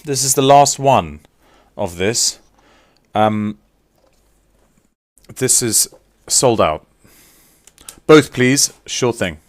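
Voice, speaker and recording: A man's voice: medium pitch, lively intonation, very slow, pauses often, no room sound. A man chatting casually with viewers on a live stream while signing autographs, teasing and reading out names.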